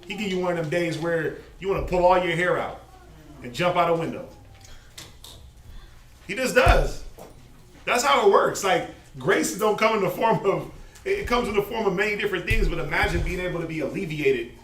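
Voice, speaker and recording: A man teaching a Bible study in a loose, slangy, animated way, laughing often. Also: high voice, moderate pace. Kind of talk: informal preaching. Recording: echoey, distant, faint noise.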